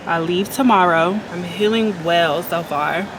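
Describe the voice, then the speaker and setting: A woman's voice: fairly low pitch, measured pace. Blunt young woman vlogging candidly. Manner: candid, blunt, swears freely. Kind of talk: casual vlog diary. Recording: background noise.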